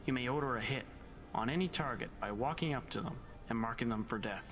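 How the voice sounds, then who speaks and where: An actor playing a calm, businesslike male assassin broker in a video game, measured and cold. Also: mid-range voice, close to an everyday voice. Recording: long reverb, game audio with rain and music.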